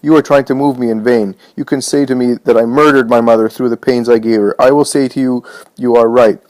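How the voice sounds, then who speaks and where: A man's voice: mid-range voice, fairly even intonation, a little fast, darkish tone, no echo, lightly acted. A man reading as fervent grieving woman Mary. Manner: impassioned, exhorting.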